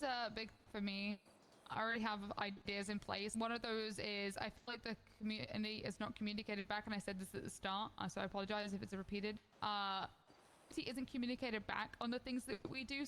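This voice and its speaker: A woman candidate giving earnest, steady debate answers, with frequent fillers. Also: medium pitch, a little fast, in a large hall, a little hiss or hum.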